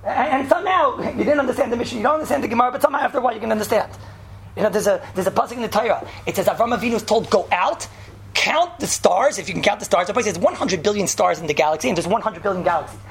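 A woman gives a mock sermon, excitable and stammering, repeating her phrases. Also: mid-range voice, very fast, a little hiss or hum. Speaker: preacher.

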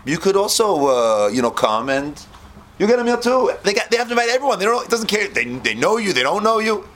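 A man's voice: high voice, big pitch swings, brisk, fairly bright tone, voice pushed up. A man voicing a cheerful, scheming male beggar who coaxes his friend along in a raised voice. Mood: coaxing. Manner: upbeat, coaxing, raised voice.

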